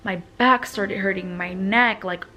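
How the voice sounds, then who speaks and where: A woman's voice: medium pitch, a little slow, bright, forceful tone, soft background music. A young woman vlogging from the floor of her home, retelling a frightening experience with many fillers. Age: young adult. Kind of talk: storytime vlog.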